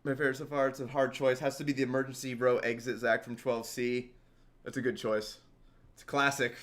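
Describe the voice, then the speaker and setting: A man hosts a relaxed livestream with a bright, forward voice at an ordinary pitch. He talks loosely, laughs easily and swears without a second thought. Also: a little fast. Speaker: livestream host. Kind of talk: casual livestream chat.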